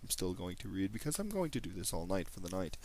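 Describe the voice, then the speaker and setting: A man's voice: sits low, sing-song, quick pace, darkish tone. A man with an Australian accent reading a story aloud, then chatting in a rambling, apologetic way with frequent slips and restarts. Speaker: reader of fan fiction.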